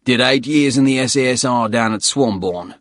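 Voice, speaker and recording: Big aussie ex-soldier bloke, rusty throaty voice, loud and cocky, narrator putting him on. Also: male voice, medium pitch, normal speed, no room sound, studio quality, voice pushed up, close to an everyday voice. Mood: gruff friendly. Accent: Australian. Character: burly rough Australian ex-soldier, male, middle-aged.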